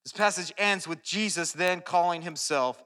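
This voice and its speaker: A man preaching a sermon, earnest and animated, often restarting his phrases. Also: high voice, moderate pace. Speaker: pastor. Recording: long hall reverb.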